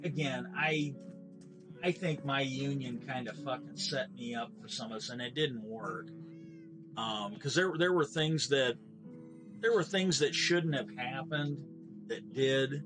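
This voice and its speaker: A middle-aged man streams a game while telling a long, bitter story. He swears freely and stops to restart his sentences. His voice sits at an ordinary pitch, and clear music plays underneath. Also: measured pace. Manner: profane, bitter, rambling with restarts. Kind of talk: casual ranting storytelling while gaming.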